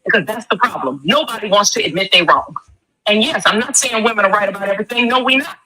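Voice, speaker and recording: A woman's voice: medium pitch, fast, pushed and bright, rough recording. A woman, talking with emphatic, preachy force and rhetorical questions. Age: 40s. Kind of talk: impassioned commentary.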